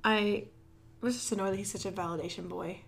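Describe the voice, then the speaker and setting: A young adult woman co-hosting a casual podcast, recapping with quick acted-out quotes and frequent laughter. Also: mid-range voice, fairly even intonation, gravelly. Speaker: podcast co-host. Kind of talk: casual chat.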